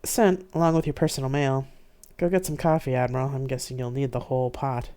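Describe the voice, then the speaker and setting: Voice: medium pitch, little pitch movement, brisk, warm tone, clear, resonant tone, lightly acted. A reader voicing a blunt, swearing starship captain. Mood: wry. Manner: swearing, wry.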